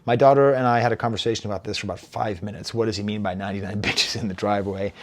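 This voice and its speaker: A man in his forties giving a casual, animated album review, reading lyrics aloud and laughing at himself. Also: fairly low pitch, rapid-fire. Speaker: music reviewer.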